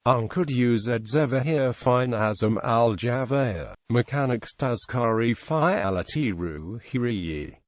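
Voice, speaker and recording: A man reading an encyclopedia article aloud in a flat, evenly paced way, stumbling through foreign names. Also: mid-range voice, no room sound.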